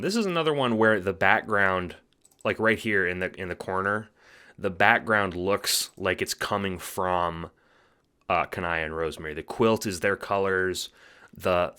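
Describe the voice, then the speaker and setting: A man's voice: low-pitched, bright, forceful tone, clean tone. A man casually reviewing fan art, enthusiastic and rambling, swearing freely, sleepy late at night. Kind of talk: casual commentary.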